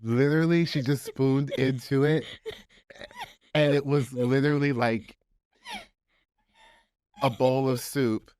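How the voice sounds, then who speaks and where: A low-voiced woman with a smooth, clear tone co-hosting a relaxed podcast, teasing and exclaiming at her partner. She talks at an unhurried pace on a close, dry mic. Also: no echo. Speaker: podcast co-host. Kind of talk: casual chat.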